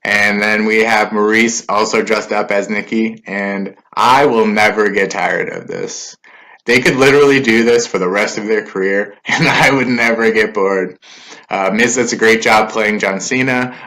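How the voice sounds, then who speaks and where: Bright-voiced man recapping a wrestling show. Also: fairly low pitch, steady tone, unhurried. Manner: conversational, loose fillers and asides. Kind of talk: casual recap.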